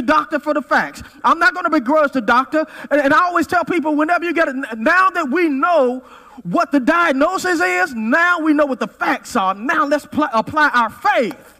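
A pastor in his forties preaching a sermon, swinging from loud peaks to quiet asides. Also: very high voice. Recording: reverberant hall.

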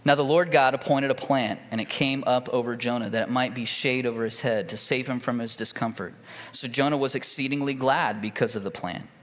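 A man's voice: medium pitch, steady tone, fairly quick, a bit bright. A man preaching a sermon as a pastor, telling a story in a folksy, conversational way with fillers and restarts. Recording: long reverb of a church hall.

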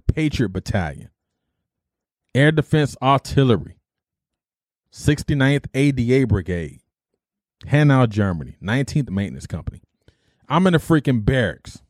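A man's voice: medium pitch, no echo, studio quality. A middle-aged man from Detroit, an army veteran, casually telling his life story and acting out the dialogue. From Detroit, USA. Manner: animated retelling, acts out dialogue, mild cursing substitutes.

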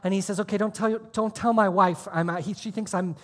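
A man pastor preaching a sermon, telling a personal story with sudden swings between hushed, almost whispered lines and loud, emphatic ones. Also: sits high, fairly even intonation, fast talker, in a large hall. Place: church auditorium.

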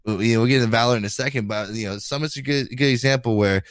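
Male podcast co-host, mid-pitched, relaxed and chatty, dry close mic. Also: racing, no room sound. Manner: laid-back, peppers talk with "you know" and "dude". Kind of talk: casual chat.

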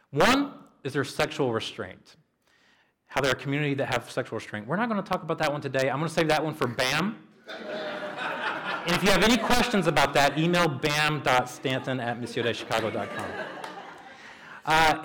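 A man preaches an Easter sermon as pastor in a church sanctuary, his voice a little high and fairly bright on poor-quality audio. He's casual and chatty, full of fillers and restarts.

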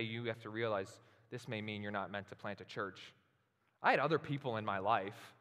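A man preaching a sermon as pastor, moving from relaxed storytelling to loud, slow, emphatic passages. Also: mid-range voice. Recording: long hall reverb.

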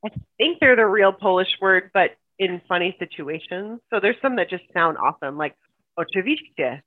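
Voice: medium pitch, moderate pace. An American guest on a podcast, talking in an upbeat, folksy way and laughing easily. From United States. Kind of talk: casual interview chat. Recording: tinny remote phone line.

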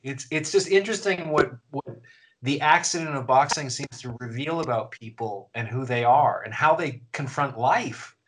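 A man's voice: medium pitch, moderate pace, fairly bright tone, slight background noise, rough recording. A man hosting a casual interview, musing in a thoughtful, reflective way. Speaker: interview host.

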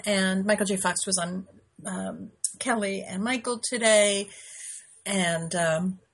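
A middle-aged woman hosting her own show, chatting casually and rambling with frequent pauses and laughs. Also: mid-range voice, a bit bright. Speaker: show host. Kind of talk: casual live-stream chat.

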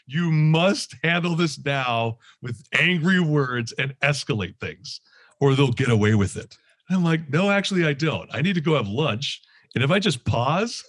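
A man from Canada giving a candid, reflective talk, animated and quick to laugh as he acts out his inner voice. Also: a little high, slightly rough, no echo. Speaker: guest speaker.

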